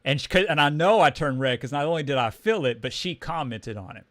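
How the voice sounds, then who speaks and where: A man's voice: on the high side, expressive, a bit bright, dry recording, clean studio sound. Rambling Texan man telling a story. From Texas. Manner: rambling, halting, with many restarts and fillers. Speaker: comics livestream host. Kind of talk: casual storytelling chat.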